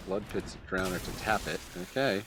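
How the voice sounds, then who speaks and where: Guy with a lowish voice muttering thru a card game match, chatty, faint hiss behind. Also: normal speed. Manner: chatty, muttering play-by-play with sighs and laughs. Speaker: gameplay commentator. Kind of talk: casual game commentary.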